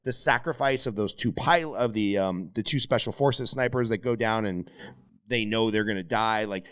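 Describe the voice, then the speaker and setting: A middle-aged man hosting a podcast, chatting casually and swearing, telling stories with his voice jumping up high when he gets emotional. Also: moderate pace, fairly bright tone, smooth. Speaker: podcast host. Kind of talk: casual conversation.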